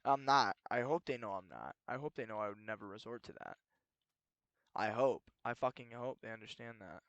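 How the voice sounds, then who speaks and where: A young man ranting in a rambling, profane solo monologue, moving between low muttering and heated outbursts. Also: animated, moderate pace, fairly bright tone, dry recording, muffled recording. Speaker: solo podcast host. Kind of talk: rambling late-night monologue.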